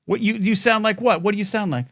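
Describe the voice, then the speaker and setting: A man hosting a live call-in talk show, rambling in a casual, animated way with frequent stammering restarts. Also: high voice, fast talker, gravelly, no echo, clean studio sound.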